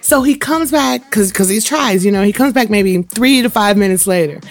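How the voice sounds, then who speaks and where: A woman co-hosting a relaxed podcast conversation, her voice sitting at an ordinary middle pitch. She tells stories bluntly and with plenty of swearing, acting out the people she quotes. Faint music plays quietly in the background. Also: moderate pace. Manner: profane, animated storytelling with voiced quotes. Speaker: podcast co-host. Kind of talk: casual chat.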